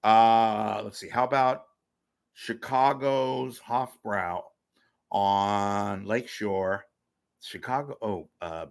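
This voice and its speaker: Older guy rambling on a livestream, crude jokes, voice getting hoarse. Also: lowish voice. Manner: crude, rambling, self-amused. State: voice going hoarse. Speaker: host. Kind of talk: casual livestream chat.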